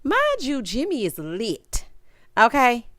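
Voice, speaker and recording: A woman giving sassy, animated commentary as she recaps a reality show. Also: on the high side, slow pace, no room sound, studio quality. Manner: animated, sassy, acts out quotes.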